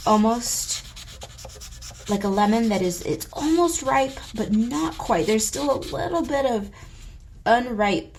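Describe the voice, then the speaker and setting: A woman's voice: medium pitch, darkish tone, slight background noise. Playful chatty woman hosting a coloring vlog. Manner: playful, theatrical, talks to viewers. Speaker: coloring channel host.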